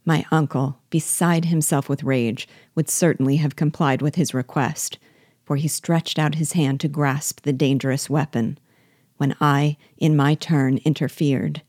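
A woman reading a classic novel aloud in a slow, measured way, as a reader guiding her listeners. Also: low voice, fairly even intonation, a little mellow, no echo, studio quality. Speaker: reader and teacher.

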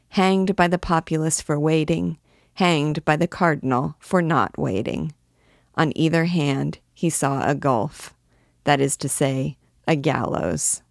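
Low-voiced woman reading a classic novel. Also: vocal fry, dry recording, clean studio sound. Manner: measured, expressive reading with voiced quotes. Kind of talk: read-aloud narration.

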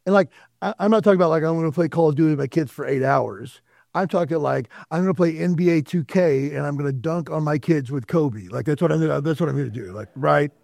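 Man preaching, dark dry voice. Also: on the high side, fast, vocal fry, no echo. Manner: conversational preaching with asides and quoted dialogue. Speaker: pastor. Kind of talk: sermon. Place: church sanctuary.

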